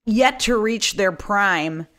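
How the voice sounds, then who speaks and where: A woman's voice: mid-range voice, lively intonation, takes it slowly, a bit bright. A woman co-hosting a podcast, chatting casually in a chatty, frank and exasperated way. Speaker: podcast co-host. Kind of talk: casual chat.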